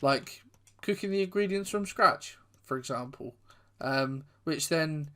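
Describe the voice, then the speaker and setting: A man's voice: on the high side, a little slow. Chatty man commentating his football game. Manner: chatty, rambling, bursts into excited goal shouts. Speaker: gaming YouTuber. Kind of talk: casual gameplay commentary.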